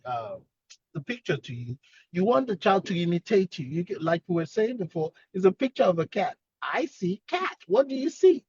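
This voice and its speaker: A man's voice: sits high, darkish tone, breathy edge, no echo, muffled recording. A man, a speech-language pathologist, explaining earnestly on a webinar and repeating his key points.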